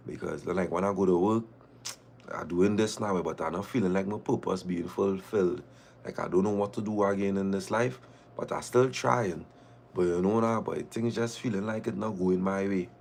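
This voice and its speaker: Animated man hosting a casual livestream. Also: deep voice, moderate pace, creaky, a little hiss or hum. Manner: loose slangy banter that calls listeners dog and boy; animated reactions. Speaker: livestream host.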